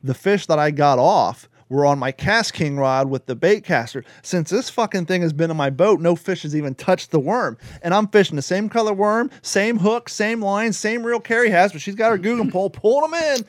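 A man hosting a casual chat, animated and swearing, acting out voices in his stories. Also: sits high, normal speed, few pauses, no echo, studio quality. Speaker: podcast host.

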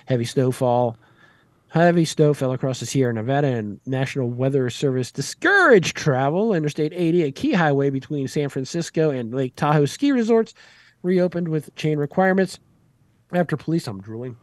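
A man's voice: fairly high pitch, lively intonation, normal speed, no echo. A man hosting a radio show, reading news stories with wry, irreverent asides and casual swearing. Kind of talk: casual news read with banter.

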